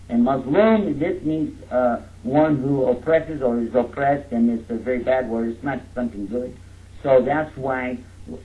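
A man from Texas, giving a jokey, interactive lecture and coaxing his audience to repeat words after him. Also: mid-range voice. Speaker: speaker teaching a live audience. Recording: narrow phone-like lo-fi sound.

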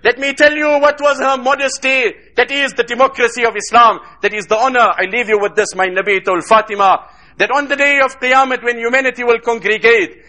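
A male preacher delivers an emotive sermon at a quick clip. His voice sits high and sounds bright and forceful. He weaves recited Arabic phrases into his storytelling.

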